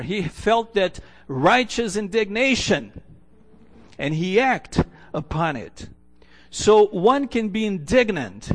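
A man preaching a sermon in an earnest, storytelling way, often restarting his phrases. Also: high voice. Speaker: pastor.

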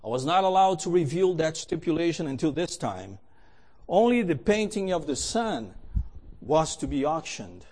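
A man's voice: a little high, very animated, moderate pace, darkish tone. A man acting out an insistent auctioneer as he calls out bids in a sermon story. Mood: solemn. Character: stern older male auctioneer, persistent.

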